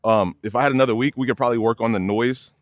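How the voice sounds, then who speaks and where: A man's voice: mid-range voice, steady tone, fast, dry recording. A young man, a dog trainer, explaining leash work casually outdoors and addressing viewers as y'all. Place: outdoors by a fence near many dogs.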